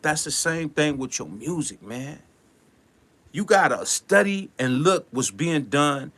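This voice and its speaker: Animated man giving a preachy rant. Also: a little high, slow pace. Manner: animated, preachy, acts out little scenes. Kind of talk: motivational rant.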